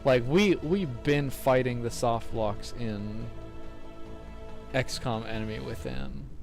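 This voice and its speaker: A man's voice: medium pitch, lively intonation, slow pace, faint music behind. A young man streaming a game into a desk mic, rambling and restarting his phrases as he chats casually. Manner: rambling, restarts phrases often, laughs at mishaps. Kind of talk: casual gameplay commentary.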